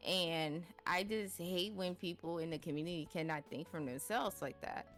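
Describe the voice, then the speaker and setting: A woman's voice: fairly low pitch, moderate pace, a bit bright, soft background music. A woman guest in a casual chat, rambling with lots of fillers and frequent laughs, on a streaming mic at home. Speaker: interview guest, VTuber.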